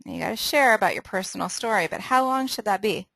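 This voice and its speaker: A woman's voice: mid-range voice, expressive, quick pace, vocal fry, a bit bright, low-quality recording. A woman hosting a casual sales training call, upbeat and laughing often, running a quiz and restarting her sentences.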